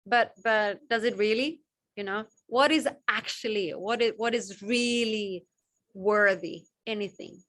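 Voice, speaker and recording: A woman's voice: mid-range voice, a little slow, a bit bright. A woman with a Balinese accent giving an informal spiritual teaching, rambling, repeating phrases and acting out short quotes.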